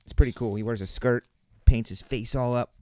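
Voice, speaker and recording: On his card-breaking livestream, a man chats casually with viewers and announces player names as they turn up. He has a mid-range, steady, slightly mellow voice, speaks briskly, and there's no echo.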